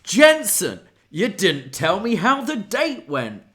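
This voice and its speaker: A man voicing a brash, macho young male wrestler with a loud, raised voice while retelling a wrestling show segment. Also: sits high, huge pitch swings, slow pace, pitched above the performer's own voice, full character voice.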